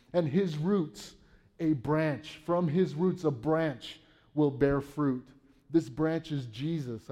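A warm-toned man with a fairly high voice preaches a sermon. He reads Bible verses aloud and then paraphrases them conversationally, often checking in with "right?".

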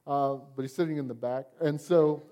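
A man's voice: fairly high pitch, fairly even intonation, normal speed, warm tone. A male pastor preaching a sermon in a church, talking conversationally and often asking the congregation "Amen?". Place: church sanctuary.

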